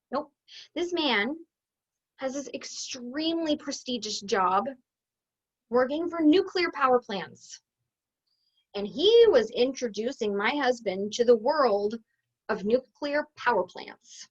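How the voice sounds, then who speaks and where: Chatty high-voiced woman telling a story. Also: unhurried, lo-fi sound. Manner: chatty and expressive, acts out quoted voices. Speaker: business coach. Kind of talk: casual storytelling to viewers.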